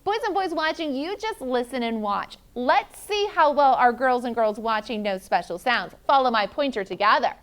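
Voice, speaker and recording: A woman teacher leading a classroom phonics lesson, encouraging children and sounding out letters slowly. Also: fairly high pitch, expressive, clean tone.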